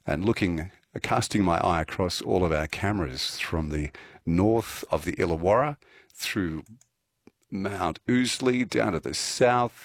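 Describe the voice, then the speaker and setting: A man's voice: deep voice, no echo. A chatty, easygoing man presenting breakfast radio from a studio, laughing often.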